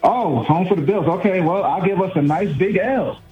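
A man's voice: sits high, normal speed, soft background music. A man from Brooklyn with a New York accent, calling into a radio show as a gloomy, resigned football fan. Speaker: caller. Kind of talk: call-in radio chat. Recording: dull lo-fi phone call.

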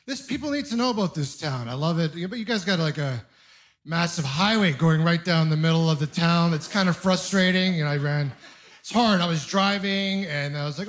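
A young man from Ontario works a stand-up set in a conversational, self-deprecating way. His voice sits high, and he keeps slipping into quick put-on voices for the people in his stories. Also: fairly bright tone. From Ontario, Canada. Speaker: stand-up comedian. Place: comedy club stage with audience laughing.

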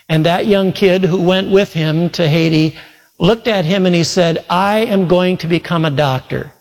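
A man preaching a sermon, telling a long story earnestly and acting out the quoted voices. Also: on the high side. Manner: earnest storytelling with quoted retellings and sudden loud shouts. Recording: long hall reverb.

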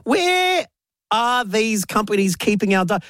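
A man's voice: sits high, measured pace, clean tone, dry recording, clean studio sound. A man co-hosting a casual chat show, often mimicking other people as he tells stories. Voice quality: lively, mimics others in quoted voices. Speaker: co-host.

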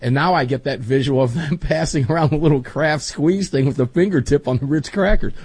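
A man's voice: a little high, brisk, a little mellow, slightly rough, no echo. A middle-aged man hosting a podcast, chatting casually and rambling with emphatic asides. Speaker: podcast host. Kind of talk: casual chat.

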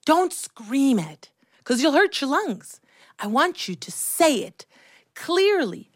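Woman doing a sing-song kids' drama teacher, high and lively, coaxing, dry close sound. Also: slow pace, dry recording, exaggerated voice. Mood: encouraging.

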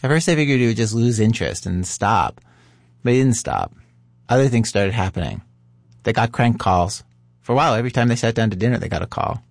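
A man hosting a podcast who narrates calmly and asks curious follow-up questions. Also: mid-range voice, fairly quick, gravelly, dry recording. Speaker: podcast host and interviewer. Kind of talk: narration and interview.

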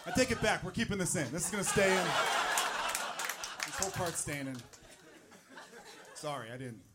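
Male stand-up comic, higher voice, rambling self-deprecating delivery, live club recording with audible noise. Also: expressive, normal speed, a loud crowd. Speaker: stand-up comedian. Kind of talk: stand-up set. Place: comedy club stage. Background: audience laughter.

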